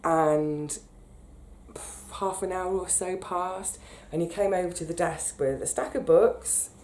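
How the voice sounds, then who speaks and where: A British woman telling a personal story in a chatty, animated way, getting emotional as she recalls it. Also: lowish voice, slow pace. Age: 30s. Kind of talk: casual storytelling monologue.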